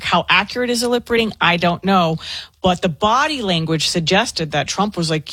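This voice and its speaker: A radio co-host chatting quickly and skeptically during political banter. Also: medium pitch, sharp tone, dry recording.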